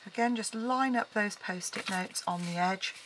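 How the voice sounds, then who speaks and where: Here a woman of medium pitch talks at a moderate pace while making a card, keeping the tutorial casual and peppered with ums. Background noise is loud throughout.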